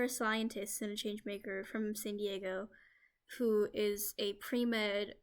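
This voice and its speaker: A woman's voice: medium pitch, smooth. Young woman rambling into her laptop mic, lots of "like", casual vlog. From United States. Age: young adult. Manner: rambling, many "like" fillers. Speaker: vlogger. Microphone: laptop microphone. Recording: lo-fi laptop recording.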